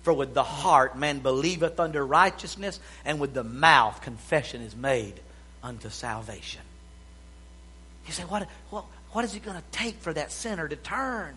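Man, preacher, high voice, bright tone, shouts and hushes, quotes scripture. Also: expressive, moderate pace, a little hiss or hum. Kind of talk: revival sermon.

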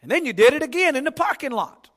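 Preacher guy, high bright voice, acts out the story, big echoey church. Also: quick pace. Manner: animated storytelling, acting out voices, folksy humor. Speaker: pastor. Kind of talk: sermon. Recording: long hall reverb.

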